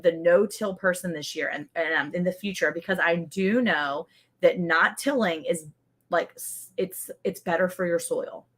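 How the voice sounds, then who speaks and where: A woman's voice: lowish voice, moderate pace. Chatty laughing woman hosting a livestream. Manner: chatty, animated, laughs often. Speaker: livestream co-host. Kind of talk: casual livestream chat.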